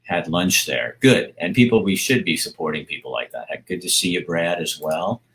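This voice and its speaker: Deep-voiced man chatting on a live stream. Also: animated, moderate pace, creaky, fairly bright tone, rough recording. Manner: rambling, hesitant, reads out viewer comments. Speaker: vlogger hosting a live stream. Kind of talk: casual live-stream chat.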